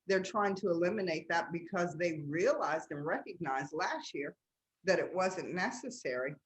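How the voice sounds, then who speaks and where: A woman with a lowish voice runs through sports news as a co-host. She sounds lively and enthusiastic and speaks in a casual, conversational way. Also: normal speed, rough recording. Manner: enthusiastic, loud bursts of laughter.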